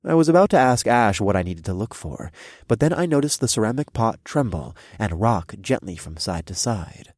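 A man reading a first-person fantasy story aloud, with expressive narration. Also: lowish voice, moderate pace, no room sound, clean studio sound. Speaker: audiobook narrator.

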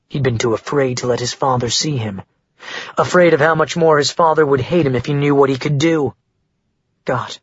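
A man narrating a story in a measured, quiet manner. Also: medium pitch, breathy edge, dry recording, muffled recording. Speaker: audiobook narrator. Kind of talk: scripted narration.

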